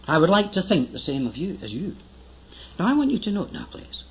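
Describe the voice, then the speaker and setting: An older man preaches with earnest, emphatic urgency. His voice sits high and swings widely in pitch. The recording is dull and lo-fi, like an old tape. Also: huge pitch swings, brisk, gravelly. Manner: earnest, emphatic, pleading with listeners to listen. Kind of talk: sermon.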